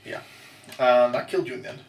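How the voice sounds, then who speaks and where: A man's voice: medium pitch, quick pace, gravelly, darkish tone, far from the mic. A man hosting a casual chat about tabletop games, often hesitating and restarting his sentences. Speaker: podcast host. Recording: roomy echo, off-mic, faint noise.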